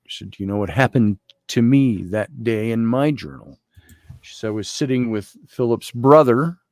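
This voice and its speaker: A man guest, an Egyptologist, telling a story in conversation, animated and quoting others, and slowly reading aloud from a journal. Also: on the low side, dry recording, studio quality. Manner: animated storytelling with quoted voices.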